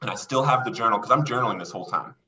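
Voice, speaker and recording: A male podcast guest excitedly tells a personal story, acting out the voices of the people he quotes. His medium-pitched delivery is rapid-fire, captured on a distant mic with dull audio.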